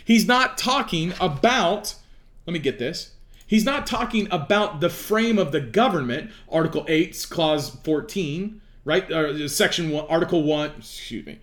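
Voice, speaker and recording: A man lectures on law with a fairly high voice that swings up and down with lively emphasis. He talks like a preacher, driving points home and asking rhetorical questions. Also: unhurried. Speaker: legal commentator. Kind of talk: explanatory talk on law.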